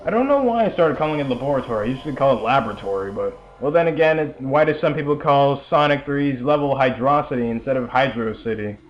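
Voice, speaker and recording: A man's voice: mid-range voice, lively intonation, quick pace, hardly any pauses, highs cut off, faint music behind. A young man giving casual, rambling commentary over a video game, full of chatty asides and fillers. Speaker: let's play commentator.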